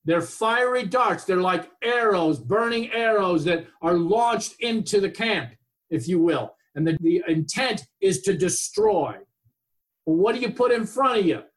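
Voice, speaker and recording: A man's voice: high voice, a bit bright. A man preaching a sermon, reading Bible verses aloud and explaining them earnestly to his congregation. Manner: reads King James verses then explains them earnestly.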